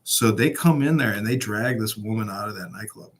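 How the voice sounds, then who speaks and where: A man's voice: fairly low pitch, fairly quick. A man telling stories in a casual podcast chat, swearing often and laughing as he goes. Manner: profane, laughing, animated storytelling. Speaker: podcast co-host.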